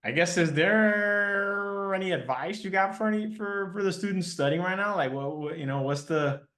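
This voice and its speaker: A man's voice: high-pitched, normal speed, sharp tone. Laid-back young man hosting a podcast. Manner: laid-back, slangy, trailing off. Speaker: podcast host, math tutor. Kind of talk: casual interview chat.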